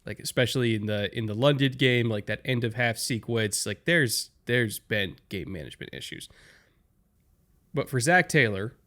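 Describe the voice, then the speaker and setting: A man's voice: medium pitch, lively intonation, normal speed, a bit bright. A man co-hosting a sports podcast, breaking down game decisions step by step in a casual, analytical way. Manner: analytical, explains step by step, many "like"s. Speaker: podcast co-host.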